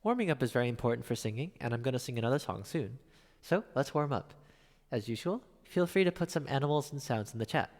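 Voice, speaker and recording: A man's voice: mid-range voice, expressive, quick pace, a little mellow, long reverb tail. A man live-streaming a piano session, chatting casually between songs, reading out viewer chat and thanking viewers.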